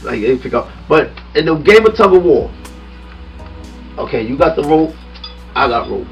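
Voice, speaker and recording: A man hosting a relaxed podcast, pitching his arguments through questions and quick laughs. His voice moves a lot, rising and dropping as he talks. He sits a bit back from the mic, with faint music underneath. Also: distant mic, muffled recording. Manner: animated, laughs often, builds arguments with questions. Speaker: podcast host. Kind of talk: casual podcast chat. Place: studio room with a small audience.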